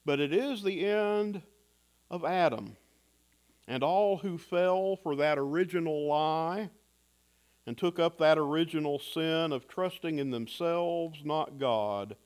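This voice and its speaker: A man preaching a sermon in a measured, reflective way, pausing for effect. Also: on the high side, a little mellow, smooth. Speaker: pastor.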